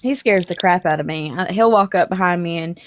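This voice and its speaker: A woman with a Southern US accent, co-hosting a live stream in chatty talk that turns animated when she quotes people. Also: on the low side, fairly quick, a little hiss or hum. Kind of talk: casual live-stream chat.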